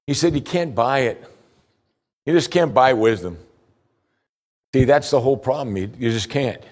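This is a man giving a sermon with real earnestness. He slows for the scripture passages and pushes his points home with upward swings in pitch.

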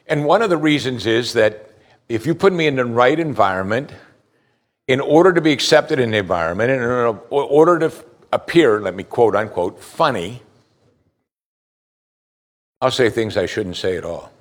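A male pastor delivers a sermon at a middle pitch for a man. He speaks with emphasis and keeps turning to his listeners with pointed questions. The voice dips low and soft for quoted verses, then rises again for the questions. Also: expressive, normal speed, pauses often. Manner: asks the congregation direct questions, emphatic.

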